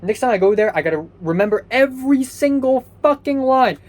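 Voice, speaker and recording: A man's voice: very high-pitched, animated, fairly quick. Profane, exasperated young man ranting. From Hong Kong. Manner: swears constantly, angry and exasperated, rambling with restarts. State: sleepy. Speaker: vlogger. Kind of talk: profane personal rant.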